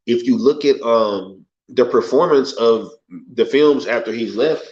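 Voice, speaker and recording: A man's voice: mid-range voice, unhurried, a little mellow, a little hiss or hum. A man hosting a casual live stream, reading viewer comments aloud and reacting in a laid-back, slangy way, tagging lines with "yo" and "right?". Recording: muffled lo-fi stream audio.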